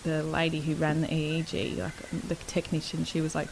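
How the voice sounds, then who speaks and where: A woman's voice: low-pitched, completely flat delivery, fairly quick, creaky, a little hiss or hum, low-quality recording. A young woman telling a personal story in a candid, casual chat, speaking frankly, swearing freely and laughing between lines.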